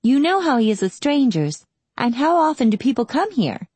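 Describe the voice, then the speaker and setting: A woman's voice: high-pitched, very animated, normal speed, a little mellow, slightly rough, no room sound, pitched above the performer's own voice, full character voice. A woman voicing an eager, impatient young girl in an audiobook.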